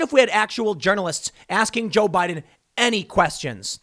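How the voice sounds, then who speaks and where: A man's voice: high-pitched, animated, moderate pace, a bit bright. A man giving a heated solo political commentary, mocking and sarcastic as he talks.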